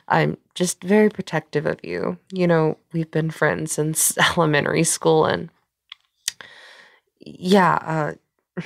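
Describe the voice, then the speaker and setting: A woman performing a scripted audio role-play as a caring friend, talking in a nervous, soft-spoken way with frequent stammers and pauses. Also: low-pitched, fairly even intonation, vocal fry, no room sound, studio quality.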